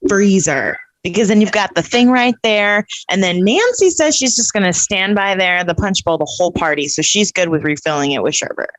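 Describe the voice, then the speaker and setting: A woman's voice: medium pitch, expressive, fairly quick, few pauses, low-quality recording. A woman co-host in casual comedic chat, playful and laughing often.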